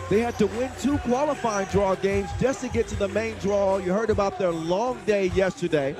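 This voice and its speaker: A man doing energetic play-by-play commentary at a basketball event, with punchy, bantering delivery. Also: high voice. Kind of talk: sports commentary.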